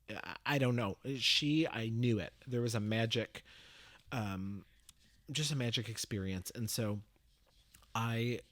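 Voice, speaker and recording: A man telling a story as a guest, full of "like"s and self-corrections, with an ordinary middle pitch. His voice sounds dry and close, with no room echo. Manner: animated storyteller, many fillers and restarts. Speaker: guest, medium and teacher. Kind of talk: casual storytelling chat.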